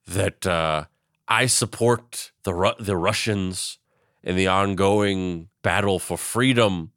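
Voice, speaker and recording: A man's voice: on the low side, a bit bright, dry recording, studio quality. A man voicing a boastful, drunken older male president who rambles and brags while proudly clueless. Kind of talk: comedic impression.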